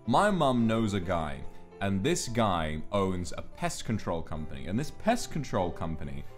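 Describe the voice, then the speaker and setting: A man chatting with guests on a stream, telling stories in an animated, tangent-prone way. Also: deep voice, unhurried, soft background music. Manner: animated storyteller, jumps between voices and big tangents. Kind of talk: casual chat.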